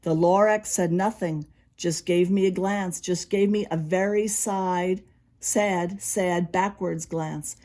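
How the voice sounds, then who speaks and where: A preschool teacher reading a picture book aloud to young children, expressive and stopping to explain. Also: female voice, lowish voice, slow pace.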